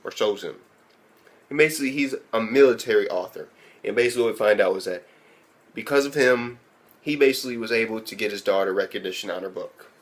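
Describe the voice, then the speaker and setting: A man's voice: lowish voice, fast talker. A man recapping an anime episode in a casual, profane way, often incredulous and laughing as he retells it. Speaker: anime reviewer.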